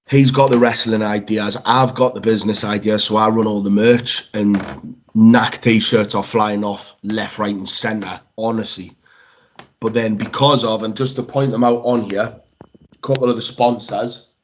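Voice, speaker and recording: A man, a wrestler, chatting casually as a podcast guest, telling lively stories that he acts out and peppering them with swearing. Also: fairly low pitch, a little hiss or hum. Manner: lively storyteller, swears freely, acts out quotes.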